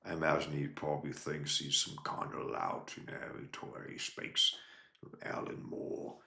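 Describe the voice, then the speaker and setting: A man's voice: very deep voice, completely flat delivery, moderate pace, creaky, bright, forceful tone, roomy sound. A man hosting a casual livestream, reading viewer comments and talking in an emphatic, rambling way with frequent restarts. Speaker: livestream host reading chat.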